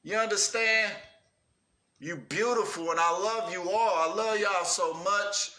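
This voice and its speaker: High-voiced, unhurried man ranting profanely. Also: bright, forceful tone, echoey room. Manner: profane, urgent, confrontational. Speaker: livestreamer. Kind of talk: ranting livestream. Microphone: livestream setup.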